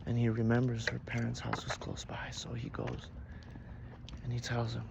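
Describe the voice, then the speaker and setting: A man telling an improvised story in a casual way, swinging between loud bursts and near-whispers. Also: medium pitch, completely flat delivery, normal speed, creaky, lo-fi sound. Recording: noisy background.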